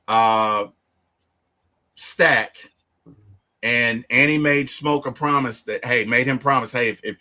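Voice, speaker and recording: A man in a casual film discussion, retelling scenes with lively storytelling and acting out the characters' lines. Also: medium pitch. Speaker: movie reviewer.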